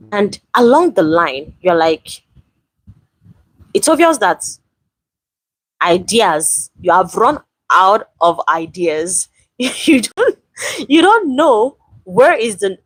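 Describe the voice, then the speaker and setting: A woman's voice: medium pitch, dry recording, rough recording. A woman nurse with a Nigerian English accent, giving a chatty live online talk with emphatic asides and repetition. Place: live online session, network breaking up.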